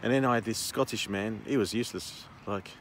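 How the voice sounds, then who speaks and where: A man's voice: fairly low pitch, brisk, noisy background. A man vlogging casually as he walks city streets, telling rambling stories with plenty of restarts. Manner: chatty, rambling storyteller with laughs. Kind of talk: casual walking vlog chat.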